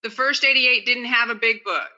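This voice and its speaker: A woman's voice: on the high side, moderate pace, bright, forceful tone, lo-fi sound. A woman speaking at a recovery meeting over a phone video call, in casual, chatty and self-deprecating talk, sometimes reading aloud.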